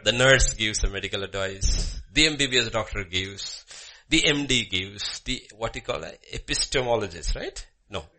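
Male pastor, fervent sermon delivery; bright, husky tone. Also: fairly low pitch, normal speed, few pauses. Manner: fervent, emphatic, repeats phrases, swings between loud and hushed. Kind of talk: sermon with opening prayer.

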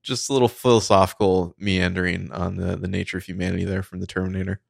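A man's voice: sits low, level tone, fast, gravelly, dry recording, clean studio sound. A man co-hosting a casual movie podcast, rambling with lots of fillers and swearing. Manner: rambling, filler-heavy, profane. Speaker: podcast co-host.

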